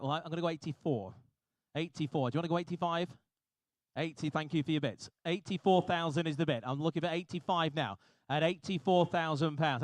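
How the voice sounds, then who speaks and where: A man working as an auctioneer, calling bids briskly and repetitively with jokey asides to the room. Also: fairly high pitch, dry recording. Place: auction hall.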